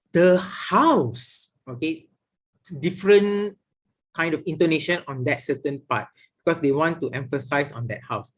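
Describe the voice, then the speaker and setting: A middle-aged man with a Malaysian English accent, teaching a class on exam listening skills and filling his points with "okay" and "all right". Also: a little high. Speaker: English language lecturer.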